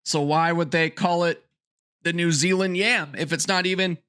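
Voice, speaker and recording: A man hosting a vlog, reacting to web searches with excitable, jokey, exaggerated reactions. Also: fairly high pitch, normal speed, smooth. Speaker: host.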